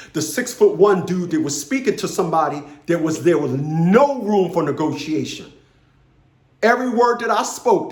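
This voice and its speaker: Brief: man, fifties, vlog rant, forceful and repetitive, slightly high voice, roomy echo. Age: 50s. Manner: blunt, profane, commanding, repeats phrases for emphasis. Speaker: vlogger. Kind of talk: storytelling rant to camera.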